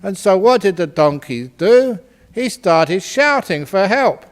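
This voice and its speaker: Unhurried, lively male monk storyteller. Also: sits high. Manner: playful, laughs at his own jokes, animated. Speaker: Buddhist monk teacher. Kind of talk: humorous storytelling dharma talk.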